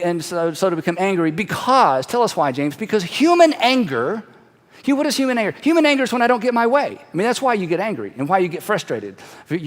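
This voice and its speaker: A middle-aged man preaching a sermon in a conversational, animated way, sometimes dropping to a hush for emphasis. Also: high-pitched, big-room sound. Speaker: pastor.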